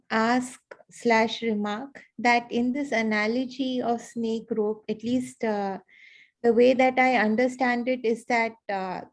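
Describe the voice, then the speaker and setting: A woman's voice: on the high side, a little mellow. Hesitant woman asking a thoughtful question. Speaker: student.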